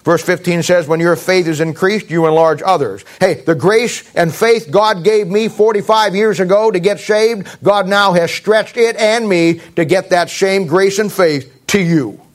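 Man, middle-aged, high-pitched, pastor, blunt folksy sermon, sarcastic. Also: unhurried, hardly any pauses. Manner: folksy, blunt preaching with sarcastic asides and mimicked voices.

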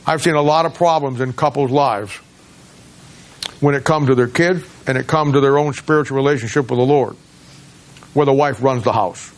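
Middle-aged male pastor, halting sermon delivery with frequent restarts and emphatic climbs. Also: mid-range voice. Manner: halting with many restarts, rising to emphatic peaks.

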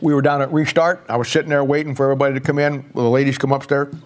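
A man's voice: medium pitch, little pitch movement, very fast. Older man preaching in a folksy way. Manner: folksy storytelling, drops soft and quiet when quoting himself. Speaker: pastor. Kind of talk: sermon.

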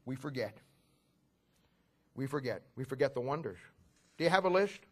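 A middle-aged male pastor telling stories from his own ministry during a sermon, building toward loud impassioned preaching. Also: mid-range voice, lively intonation, normal speed.

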